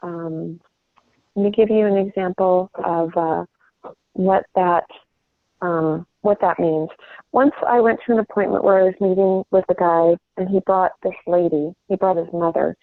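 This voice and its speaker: A woman's voice: fairly low pitch, fairly even intonation, measured pace, dry recording. Earnest woman coaching over a phone line. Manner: earnest, rambling, restarts often. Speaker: sales trainer. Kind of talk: coaching call on sales. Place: home.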